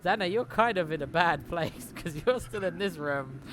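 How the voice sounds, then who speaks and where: A man runs a tabletop game in a loose, rambling way, often stopping to correct himself. His voice sits a little high for a man. A clear layer of noise runs under the recording. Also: lively intonation, moderate pace. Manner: rambling, chatty, self-correcting. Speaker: game master. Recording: noisy recording.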